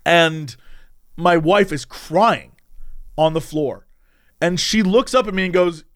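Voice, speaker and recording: A man in casual conversation, recounting a strange recurring dream with lively delivery and frequent laughs. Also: high-pitched, measured pace, pauses often. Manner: animated, acts out quoted voices, laughs often. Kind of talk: casual storytelling chat.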